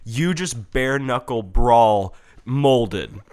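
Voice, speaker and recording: A young man in casual chat, excitedly reviewing a game with lots of swearing and restarts. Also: mid-range voice, very slow, clear, resonant tone. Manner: excitable, profane, rambling with restarts. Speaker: podcast co-host reviewing a game.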